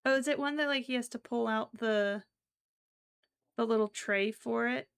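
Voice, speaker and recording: A woman's voice: a little high, moderate pace, smooth. A young woman chatting casually with her stream while crocheting, giggly and given to frequent exclamations.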